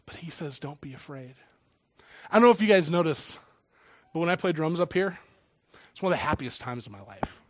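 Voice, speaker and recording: A man preaching a sermon who reads scripture aloud and then drops to a hushed, emotional voice. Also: on the high side, expressive, brisk, no room sound. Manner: emotional, swings from loud reading to hushed intimate words. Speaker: preacher and church drummer.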